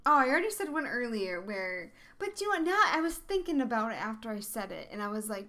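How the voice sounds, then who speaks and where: A woman's voice: fairly high pitch, sing-song, quick pace, few pauses, sharp tone. Chatty woman telling game stories. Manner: chatty, storytelling, quotes her own reactions. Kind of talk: casual chat.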